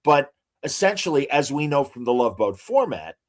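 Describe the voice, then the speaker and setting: A podcast co-host chats casually and enthusiastically, reeling off trivia and using lots of filler words. His medium-pitched voice swings widely in pitch, and he talks at a moderate pace.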